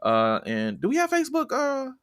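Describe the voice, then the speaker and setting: A man's voice: extremely high pitch, moderate pace. A man co-hosting a music podcast in casual, jokey chat. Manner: animated, jokey, breaks into loud impressions. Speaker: podcast co-host.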